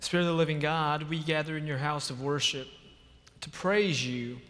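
A man leading a congregation in spoken prayer, measured and solemn. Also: on the high side, steady tone, fairly bright tone. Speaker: worship leader. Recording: reverberant church hall.

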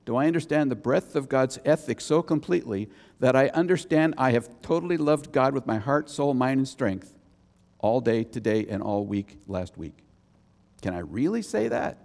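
A man preaching a sermon as pastor, emphatic and animated, with sudden high exclamations. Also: normal speed, creaky, long reverb tail.

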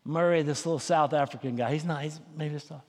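Folksy pastor in a reverberant sanctuary. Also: male voice, fairly high pitch, quick pace, darkish tone. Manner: folksy, conversational preaching. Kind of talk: sermon. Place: church sanctuary.

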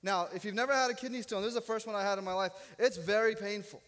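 A man's voice: high voice, fairly even intonation, fast, a bit bright. A man in his thirties preaching a sermon as a pastor, telling a personal story with humor and self-deprecating jokes. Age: 30s. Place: church sanctuary. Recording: long reverb of a church hall.

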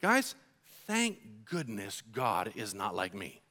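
Here the same kind of earnest, animated sermon comes in a lower register and at a slow pace. The middle-aged pastor dramatizes his own frustrated outbursts within his stories.

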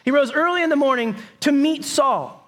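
A man preaching a sermon, telling the story in a lively, conversational way with bursts of raised voice. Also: very high-pitched, moderate pace. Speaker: pastor.

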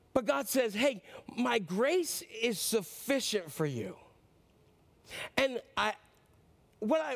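A man preaching a sermon, earnest and pleading, swinging between loud emphasis and quiet low passages. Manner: earnest, pleading, rises and drops sharply for emphasis. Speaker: pastor.

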